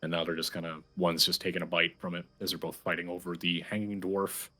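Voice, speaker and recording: A man's voice: sits low, level tone, fast, pushed and bright. A man narrating as game master of a tabletop game, chatty and loose with fillers.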